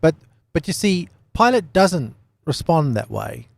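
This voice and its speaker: A man's voice: on the high side, very animated, measured pace, creaky, no room sound. A man teaching scripture in a casual, chatty way, often laughing and checking in with "right?". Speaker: Bible teacher.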